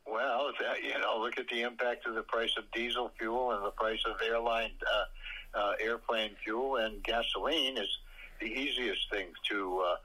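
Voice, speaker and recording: A man talking politics on a radio show as a co-host, halting with many uhs but blunt in his opinions. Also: medium pitch, steady tone, bright, forceful tone, husky, low-quality recording. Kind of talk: casual political talk.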